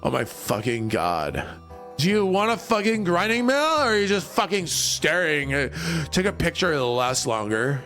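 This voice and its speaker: A man voicing a foul-mouthed, sassy woman who sells grinding mills. She swears constantly and speaks with rapid-fire scorn. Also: on the high side, big pitch swings, a bit bright, soft background music. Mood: scornful.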